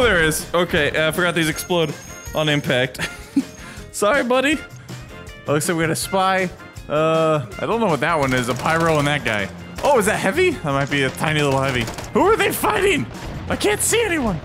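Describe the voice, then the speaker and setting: A man giving excitable, chatty gameplay commentary, laughing often. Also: on the high side. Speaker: gaming YouTuber. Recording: game music behind.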